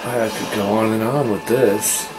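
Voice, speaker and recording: A man's voice: on the low side, steady tone, moderate pace, low-quality recording. A young man commenting on a video game he plays, grumbling and sarcastic about it. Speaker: gamer. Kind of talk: gameplay commentary. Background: game music.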